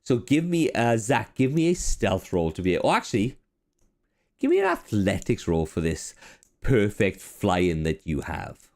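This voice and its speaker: Lively low-voiced man running a tabletop game. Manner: animated, halting, swearing casually. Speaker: dungeon master.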